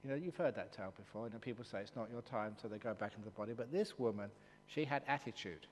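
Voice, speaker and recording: A man, a monk and meditation teacher, giving a dharma talk at a retreat in an animated, jokey storytelling manner. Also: lowish voice, rapid-fire. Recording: long hall reverb, faint hum.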